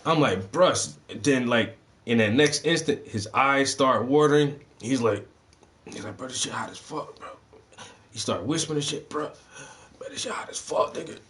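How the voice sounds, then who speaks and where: A man telling profane, animated stories in casual chat as a livestream host, breaking into loud, high-pitched outbursts. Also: moderate pace, slight background noise.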